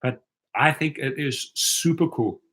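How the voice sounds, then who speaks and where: A man with a fairly high voice and a bright, forceful tone hosts a casual livestream. He talks loosely to his viewers and keeps checking in with "right?" as he goes. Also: unhurried. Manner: chatty, keeps asking "right?". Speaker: rideshare channel host.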